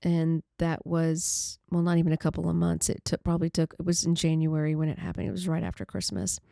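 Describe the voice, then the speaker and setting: A woman podcast host recounting a painful personal story in a halting, conversational way with many restarts. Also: deep voice, vocal fry, warm tone, dry recording, clean studio sound.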